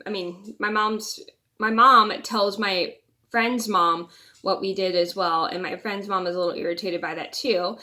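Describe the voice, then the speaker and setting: A woman's voice: medium pitch, bright, forceful tone. A young woman vlogger telling a personal story in a casual, rambling way, often restarting and repeating words.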